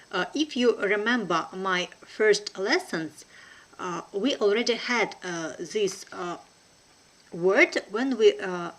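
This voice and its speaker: Her mid-range voice carries a Russian accent, as she's a native Russian speaker. She runs an online language lesson, choosing her words deliberately and pausing often in hesitation.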